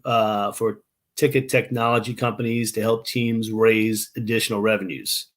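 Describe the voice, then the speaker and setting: Man talking haltingly on a video call. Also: fairly low pitch, level tone. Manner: halting, restarts often, explains at length. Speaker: interview guest. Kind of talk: casual remote interview.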